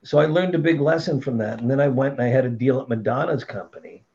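A middle-aged man tells stories in a casual, blunt way, swearing freely and getting animated as he goes. His voice sits at an ordinary pitch, and the sound is dull and lo-fi. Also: fast talker. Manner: blunt, profane, animated storytelling. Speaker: podcast guest. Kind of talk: casual storytelling.

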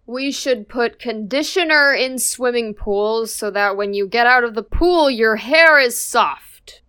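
Woman podcast co-host, deadpan and dry, slow delivery, crisp bright voice. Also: on the high side. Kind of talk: casual podcast banter.

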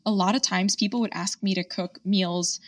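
A woman's voice: mid-range voice, fairly even intonation, moderate pace, dry recording, distant mic. A woman hosting a podcast, chatting with enthusiasm and saying "like" often. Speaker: podcast host. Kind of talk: casual podcast chat.

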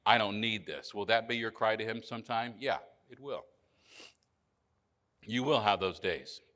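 A male pastor preaching a sermon in an earnest manner, often dropping to a soft, low voice for emphasis. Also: unhurried. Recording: church hall reverb.

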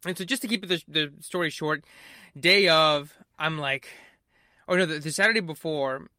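A man's voice: a little high, moderate pace, sharp tone, no echo, studio quality. A young man hosting a podcast, telling a long story casually with lots of fillers and acted-out quotes. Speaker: podcast host.

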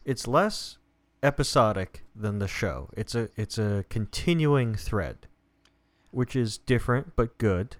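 A man co-hosting a podcast, discussing comics in a measured, dryly witty casual chat. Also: on the low side, animated, dry recording. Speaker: podcast co-host.

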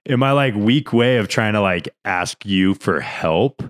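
Low-voiced man telling a story earnestly. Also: expressive, a little slow. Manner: earnest, rambling storytelling with many restarts. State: emotional, near tears. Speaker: podcast co-host. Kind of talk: casual podcast conversation.

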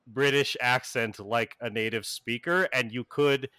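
A man's voice: mid-range voice, fairly even intonation, a little slow, bright, forceful tone, smooth, no room sound, studio quality. A man narrating a tabletop role-playing game as game master, loose and laughing often.

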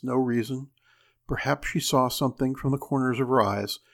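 A man reading a story aloud as narrator, measured with dramatic pauses. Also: medium pitch, gravelly.

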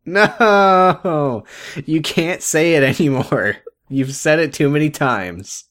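A man's voice: fairly high pitch, takes it slowly, a bit bright. A man co-hosting a casual comedy podcast, recapping a TV show with dry, wry remarks. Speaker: podcast co-host.

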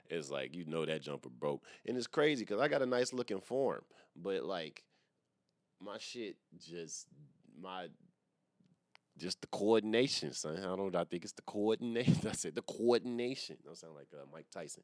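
A man's voice: low-pitched, lively intonation, normal speed, no echo, clean studio sound. A man hosting a solo comedy podcast, rambling in a profane, slangy way and laughing at his own jokes. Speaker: podcast host and stand-up comedian. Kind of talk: casual solo podcast rant.

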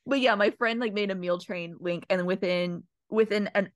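A woman's voice: mid-range voice, moderate pace, no room sound, clean studio sound. A mother hosting a podcast, speaking in an effusive, encouraging way to her guest and listeners. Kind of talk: casual podcast conversation.

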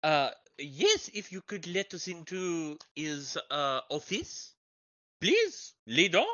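A woman's voice: fairly low pitch, sing-song, takes it slowly, fairly bright tone, no echo, voice pushed up, exaggerated voice. A woman voicing a polite, inquisitive female journalist with a put-on French accent and formal, flowery phrasing. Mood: curious. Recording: dull lo-fi dry sound.

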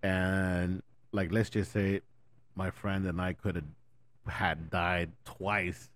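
A man hosts a podcast in a relaxed, conversational way, nodding along and trading travel stories. His voice sits very low. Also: slow, no echo. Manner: relaxed, affirming interviewer. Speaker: podcast host.

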